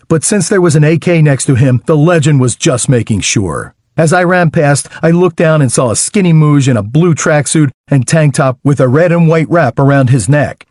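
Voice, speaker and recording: A man narrating a first-person audiobook in a wry, lively storytelling manner with dry humor. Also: on the high side, no echo.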